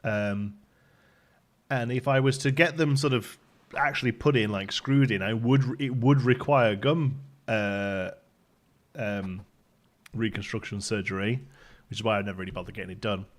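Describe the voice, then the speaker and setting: A man's voice: lowish voice, normal speed. A young man hosting a live stream, chatting casually with viewers and joking with laughs. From Britain. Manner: joking, laughs often, banters with chat. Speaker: livestream host.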